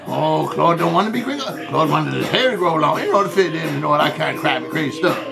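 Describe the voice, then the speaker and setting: A man voicing a jokey male character called Cotton Man, who rambles, keeps saying "man" and "see", and shouts greetings in a homemade birthday video. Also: fairly high pitch, expressive, quick pace, gravelly, music in the background. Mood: rambling cheerful.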